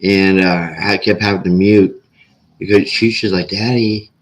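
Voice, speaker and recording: A man's voice: sits low, level tone, measured pace. A man hosting a livestream, chatting casually and rambling with lots of "like" and restarts. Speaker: livestream host. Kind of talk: casual chat.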